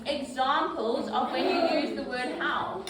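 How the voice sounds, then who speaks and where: A woman's voice: sits high, a little slow, a crowd in the background. A woman teaching a classroom lesson, patiently prompting pupils by name. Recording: echoey classroom from far off, noisy.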